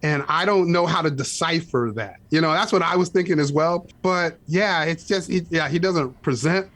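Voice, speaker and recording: A man co-hosting a podcast in casual chat, talkative and quick to laugh. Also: fairly high pitch, a bit bright, no room sound. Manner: chatty, laughs easily, many fillers like "like" and "you know". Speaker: podcast co-host.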